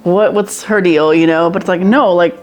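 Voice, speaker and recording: A woman hosting a casual podcast chat, animated, laughing often and repeating phrases. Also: on the low side, moderate pace. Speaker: podcast host.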